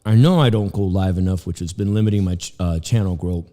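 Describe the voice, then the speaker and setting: A man's voice: low-pitched, fast, dark tone, in a large hall. A man hosting a casual live stream, rambling between fight commentary and chat while chewing food at home. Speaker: livestream host and fight commentator. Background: background music.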